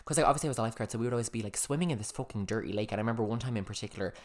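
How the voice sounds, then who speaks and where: Low-voiced young man, quick and teasing. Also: a little mellow. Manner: teasing, quick interjections and sassy slang. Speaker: podcast co-host. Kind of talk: casual chat.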